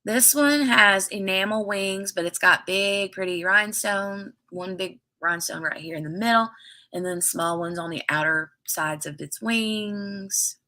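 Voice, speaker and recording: A woman's voice: mid-range voice, measured pace, sharp tone. A woman hosting a casual craft livestream, chatting in a rambling, storytelling way and reading viewer comments aloud.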